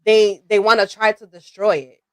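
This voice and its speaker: A woman co-hosting a livestream, sassy and animated, reading viewer comments aloud and laughing often. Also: medium pitch, normal speed, no room sound. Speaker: co-host.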